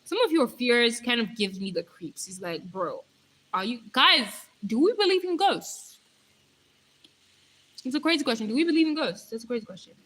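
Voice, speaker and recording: A young woman rambles playfully to her live stream viewers, picking up their comments as she goes. Her voice is bright and fairly high, with a slight hoarseness from talking. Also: big pitch swings, moderate pace, rough recording. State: voice going hoarse.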